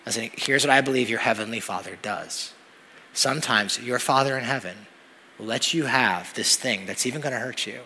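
A man preaching a sermon as pastor, telling stories in an animated way that builds to loud, emphatic peaks. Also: medium pitch, normal speed, vocal fry, slight background noise. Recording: long hall reverb.

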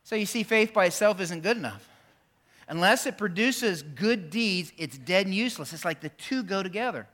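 A man preaching a sermon in a church, swinging between loud, emphatic peaks and quiet, intense stretches. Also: high voice, animated, normal speed. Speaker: pastor.

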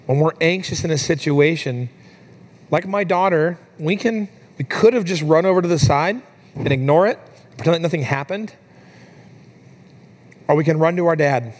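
Pastor, man, 30s, slightly high voice, chatty sermon delivery with fillers, climbs higher when moved. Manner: conversational storytelling with fillers, rising higher and softer in emotional moments.

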